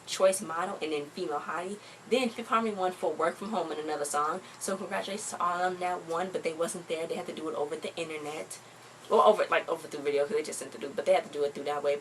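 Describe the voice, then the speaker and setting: A woman's voice: lowish voice, distant mic, slight background noise, rough recording. A woman vlogger in casual chat, rambling and chatty as she recaps an awards show. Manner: chatty, rambling, quotes people in a relaxed conversational way.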